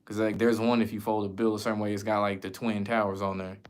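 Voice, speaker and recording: Guy from the US streaming, low-ish voice, slangy and cussing, loose casual chat. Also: level tone, quick pace. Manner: loose, slangy and profane, with frequent fillers. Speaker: streamer answering viewer questions.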